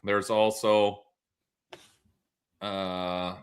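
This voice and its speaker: A man's voice: on the low side, little pitch movement, extremely slow, clear, resonant tone. A man co-hosting a podcast in casual, joking banter, swearing and laughing often. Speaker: podcast co-host.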